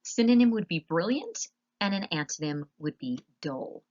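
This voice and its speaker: Low-voiced woman teaching a slide lesson. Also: big pitch swings, a little mellow, muffled recording. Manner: patient, explanatory, spells words out slowly.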